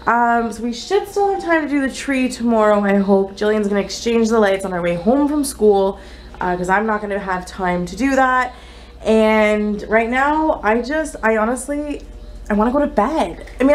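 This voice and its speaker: A young woman chatting casually in a home vlog, exasperated, swinging between flat mutters and shrill outbursts. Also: slight background noise. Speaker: vlogger. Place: home, indoors.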